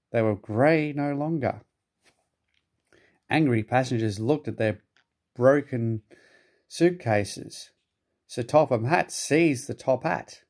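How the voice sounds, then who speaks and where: A man reading a children's storybook aloud at an unhurried, gently expressive pace. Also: mid-range voice. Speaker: narrator.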